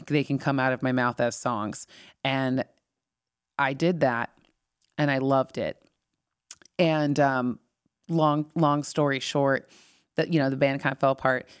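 A woman from California, a singer-songwriter guest, rambling through animated stories in a casual interview. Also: low voice, no room sound, studio quality.

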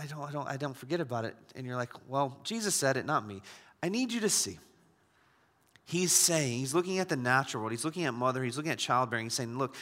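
A man in his thirties preaching a conversational sermon, swinging between loud emphatic bursts and hushed asides. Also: mid-range voice, long reverb tail. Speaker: pastor.

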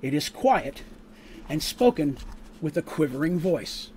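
A man runs a tabletop game as game master, narrating the action in a casual way with ums and asides. He breaks off to explain the rules. His voice is a little high, with a faint hiss in the background. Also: very animated, measured pace, a little mellow.

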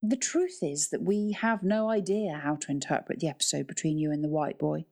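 A woman's voice: low voice, darkish tone. A woman reading a stern, guarded uncle. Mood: measured. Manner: measured, stern.

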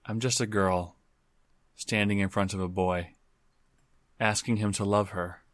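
A man's voice: fairly low pitch, fairly even intonation, measured pace, no room sound, natural voice. A man voicing a theatrical, lovestruck male adventurer who makes overwrought pleas in a tabletop game. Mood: pleading. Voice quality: overwrought melodramatic pleading.

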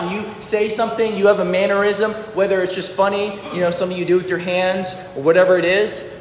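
A man's voice: sits high, big-room sound, a little hiss or hum. A man preaching a sermon in a conversational way, asking the congregation questions. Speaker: pastor.

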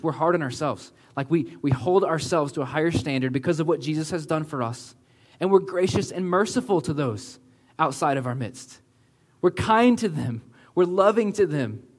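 A man preaching a sermon in a church, earnest and conversational, often slowing to a hush for emphasis. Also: a little high. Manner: earnest, conversational preaching with many "like" and "right?" asides; slows down and drops to a hush for emphasis. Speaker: pastor.

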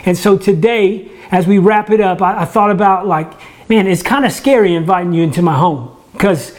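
A man who leads a church ministry gives a casual sermon from his home, his voice sitting high at a moderate pace. He keeps it conversational, often restarting words and poking fun at himself.

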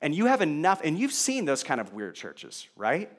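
A man's voice: on the high side, huge pitch swings, moderate pace. A male pastor preaching a sermon in a conversational way, asking the congregation rhetorical questions.

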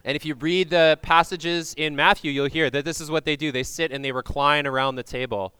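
A man leading a group through a Passover meal, giving loud instructions into a microphone and checking in with frequent "okay?"s. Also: fairly high pitch, steady tone, fairly quick, clear, resonant tone, dry recording. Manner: projects loudly into a microphone. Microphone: handheld or stand microphone.

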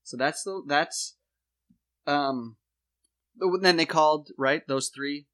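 A man hosting a comedy podcast, laying out a mock conspiracy theory in a deadpan voice with dramatic emphasis. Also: on the high side, slow, smooth.

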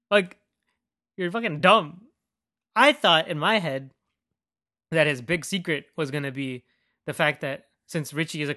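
A man's voice: fairly high pitch, bright, forceful tone, dry recording, studio quality. A man hosting a podcast in a casual, rambling rant, swearing freely and filling his speech with "like.". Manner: rambling, profane, heavy use of "like". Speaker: podcast host.

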